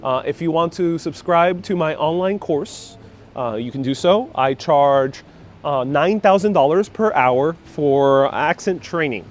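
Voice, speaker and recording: A man's voice: on the high side, unhurried, a little hiss or hum. A man hosting a casual walking live stream outdoors on a city street, joking around and reading viewer comments aloud. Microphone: phone on gimbal with wireless lapel mic.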